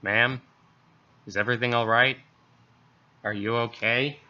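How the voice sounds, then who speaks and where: A man voicing a police officer taking an emergency call, giving measured instructions in a creepypasta reading. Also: medium pitch, steady tone, bright, forceful tone. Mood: concerned. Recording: dull lo-fi recording.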